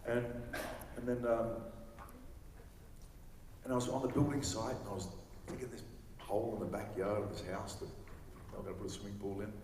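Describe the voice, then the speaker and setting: A low-pitched man in his forties tells rambling, chatty stories to a live crowd and acts out what other people said. His voice carries a long hall reverb. It sounds like it was recorded from far back with some faint noise underneath. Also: fairly even intonation, a little fast, pauses often, a little mellow. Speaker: celebrity panel guest. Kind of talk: anecdotal storytelling to a live audience. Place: large convention hall.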